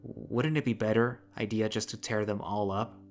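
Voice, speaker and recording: A man reading a visual novel aloud in the first person, measured and subdued. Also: on the low side, level tone, creaky, soft background music. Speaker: reader.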